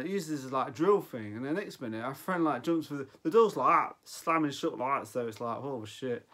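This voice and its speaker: A man in his forties talks through a film review off the cuff. His voice sits a little high for a man. He rambles, drops sentences halfway and starts them over. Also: sharp tone. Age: 40s. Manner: rambling, loses his thread and restarts often. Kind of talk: casual unscripted film review.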